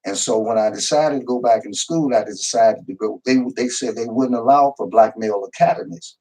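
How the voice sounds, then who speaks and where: Unhurried older man telling stories. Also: mid-range voice, warm tone, low-quality recording. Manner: storytelling, unhurried, repeats words. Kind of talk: casual discussion.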